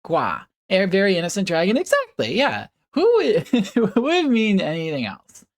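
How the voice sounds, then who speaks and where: A woman's voice: mid-range voice, huge pitch swings, moderate pace. Giggly, rambling woman streamer. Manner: giggly, rambling, playful puppy noises. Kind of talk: casual chat with viewers.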